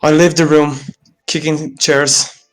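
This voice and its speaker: A man's voice: a little high, flat delivery, slow pace. A man playing a tabletop game, plainly describing what his character does. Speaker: player.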